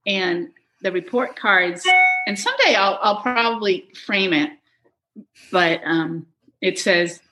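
A middle-aged woman chatting in an interview, telling animated stories, laughing often and quoting people. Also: medium pitch. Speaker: guest, touring production manager. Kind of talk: casual interview chat.

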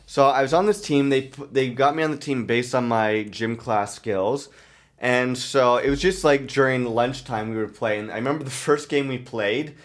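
A man's voice: medium pitch, normal speed. A man in his thirties hosting a podcast, telling rambling, self-mocking stories in casual chat. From Canada. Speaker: podcast host.

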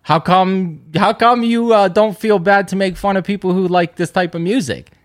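A man's voice: sits high, steady tone, moderate pace. A man co-hosting a podcast in casual chat, teasing his co-host and laughing often.

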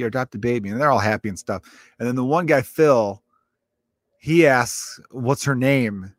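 A young male stand-up comedian holds forth in a loose, profane podcast monologue, often restarting his sentences mid-thought. His voice sits at an ordinary male pitch. It is recorded close on the mic in a dry space with no room echo. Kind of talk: casual solo podcast monologue.

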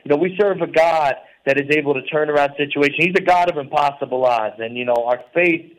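A man's voice: on the high side, a little fast, rough recording. A man calling in from prison as a guest on a talk radio show, speaking earnestly and rambling with many fillers.

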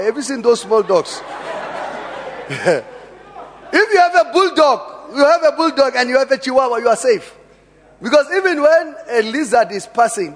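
A South African man preaching a sermon in a large church hall, emphatic, with quiet asides and sudden loud bursts. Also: high-pitched. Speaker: pastor. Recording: long reverb of a church hall.

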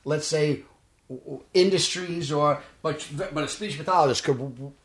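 A man's voice: a little high, normal speed. A man with a Brooklyn accent, an actor telling stories in a casual podcast interview and acting out the dialogue. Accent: Brooklyn New York. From Brooklyn, New York. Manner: animated, acts out quoted dialogue. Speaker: actor guest. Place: podcast studio. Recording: roomy studio echo.

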